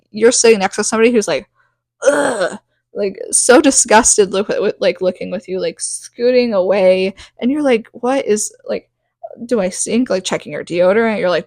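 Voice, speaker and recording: A woman's voice: medium pitch, dry recording. A woman in her thirties hosting a podcast, rambling through a casual book recap with lots of "like". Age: 30s. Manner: rambling, full of "like", acts out quick asides. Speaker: podcast host recapping a novel.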